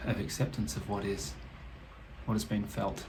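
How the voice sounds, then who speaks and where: A man hosting a reflective solo podcast, talking slowly and thoughtfully, swearing casually, indoors with heavy rain outside. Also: lowish voice, level tone, gravelly, background noise. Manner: slow, musing, swears casually. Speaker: podcast host. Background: rain ambience.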